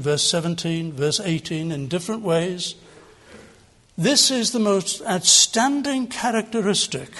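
A man's voice: sits high, fairly bright tone. An older man preaching a sermon as pastor, earnest and emphatic, building on repeated phrases.

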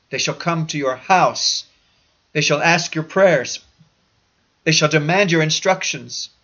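A man preaching a sermon in a solemn, measured oratorical manner with old-fashioned phrasing. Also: fairly high pitch, a bit bright. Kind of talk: sermon reading. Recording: dull lo-fi recording.

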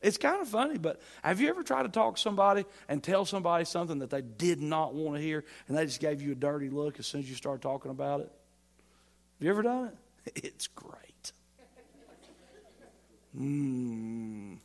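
Preacher guy, bit high voice, gets loud then goes quiet, jokes around with the crowd. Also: fast talker, creaky, few pauses. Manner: animated preaching, swings from loud emphatic lines to soft asides; folksy humor, playful mock dialogue. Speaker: pastor. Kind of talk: sermon.

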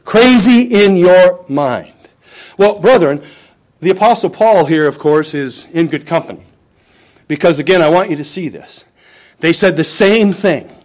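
A man's voice: fairly high pitch, animated, a little slow. A man preaching a sermon to his congregation, emphatic and dramatic as he quotes scripture. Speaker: pastor.

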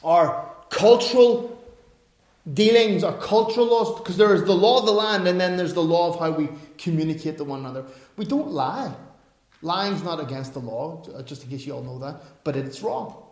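A man's voice: a little high, moderate pace, a little mellow. A middle-aged male pastor preaching a sermon, emphatic, with chatty asides and self-corrections. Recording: echoey room.

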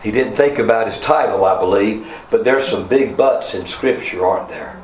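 A man's voice: lowish voice, normal speed. Man, preacher, sermon, fervent, rising emphasis, echoey church room, faint background hum. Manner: fervent, swings from soft to loud rising emphasis.

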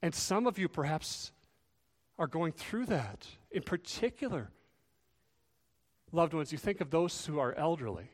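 A man preaching a sermon, earnest, swelling louder and dropping soft to stress his points. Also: on the high side, animated, measured pace, pauses often. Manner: earnest, rises and falls in volume for emphasis. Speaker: pastor. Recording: long reverb of a large hall.

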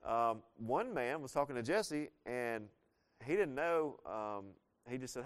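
A man's voice: mid-range voice, lively intonation, measured pace, smooth. A man with a Southern US accent preaching a sermon as a pastor, in a conversational, folksy storytelling way with sudden bursts of emphasis. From Southern United States.

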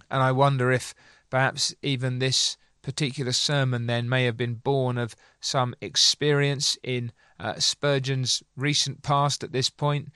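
A man's voice: mid-range voice, flat delivery, bright, forceful tone, clear, resonant tone, no room sound, studio quality. Earnest man reading a sermon. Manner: earnest, slows for emphasis, pleading. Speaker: preacher.

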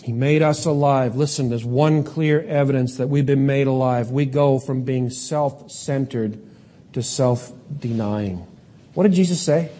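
A male pastor delivering a sermon in a fairly high voice. He asks the congregation questions and drags out key words for emphasis. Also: warm tone. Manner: emphatic preacher, rhetorical questions, slows down for stress.

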